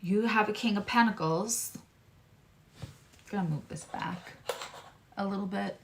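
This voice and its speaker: A woman's voice: medium pitch, unhurried, creaky, a little hiss or hum. A woman reading tarot cards on a live stream, chatting with viewers in a loose, digressive way. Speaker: tarot reader and astrologer.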